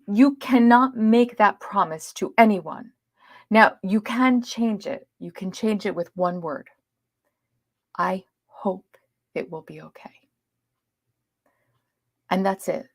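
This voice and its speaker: Earnest and personal, a woman guesting on a podcast tells her story, alternating loud emphasis with quiet asides. Her voice sits at a medium pitch, and the recording is dry and studio quality.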